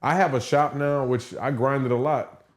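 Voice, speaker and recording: A man's voice: medium pitch, normal speed. Candid man telling stories on a podcast. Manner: candid, animated storyteller. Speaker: podcast host. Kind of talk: casual podcast chat.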